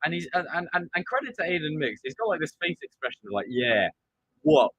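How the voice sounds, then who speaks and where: A man hosting a live stream, chatting casually and excitably about a TV show and acting out quotes. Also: a little high, fast, husky, no room sound, dull audio. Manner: animated, excitable, acts out quotes.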